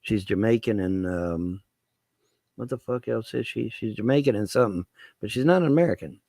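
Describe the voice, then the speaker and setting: A man's voice: lowish voice, lively intonation, moderate pace, gravelly, mellow, no room sound. A man ranting to his viewers as a vlogger, swearing, repeating himself and asking rhetorical questions. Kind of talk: rambling political rant to camera.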